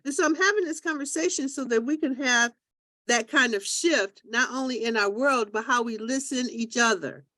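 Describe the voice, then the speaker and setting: A woman hosts a group talk show, speaking in a high voice recorded dry and close. She tells her stories in a lively way and acts out the voices of the people in them. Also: normal speed, dry recording. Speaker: host.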